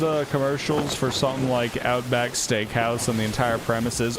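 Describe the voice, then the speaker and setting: Over a noisy background of loud sea and ship sounds from his game, a man streams live, offering casual commentary, cursing freely, and musing aloud while playing. His voice is medium in pitch with little movement, and he talks at a moderate pace.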